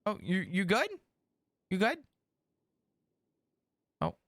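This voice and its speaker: A man streaming a roleplay game, talking in an excitable, rambling, self-mocking way. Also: high voice, slow pace, dry recording, studio quality. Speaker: streamer roleplaying a cadet police character. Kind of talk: animated roleplay streaming chatter.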